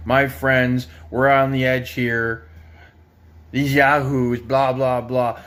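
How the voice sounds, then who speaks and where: A young man from Ontario rants with a mid-range voice. He is angry and sarcastic and swears constantly. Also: medium pitch. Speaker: parent ranting on video. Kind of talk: profane political rant.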